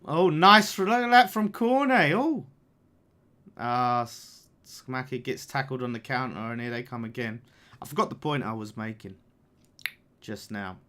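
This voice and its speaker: A man's voice: mid-range voice, expressive, measured pace, slight background noise. A young man hosting a live football watchalong, reacting to the game, swearing and reading out viewer messages. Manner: chatty, swears, reacts loudly to the game and reads super chats. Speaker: fan channel watchalong host. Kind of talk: live match watchalong commentary.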